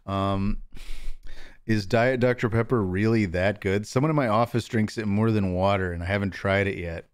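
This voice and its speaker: A man's voice: lowish voice, moderate pace, clean tone. A man streaming a video game, chatting casually and answering his viewers as he plays. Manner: relaxed, chatty, reads and answers chat. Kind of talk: casual live-stream gameplay chat. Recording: game music behind the voice.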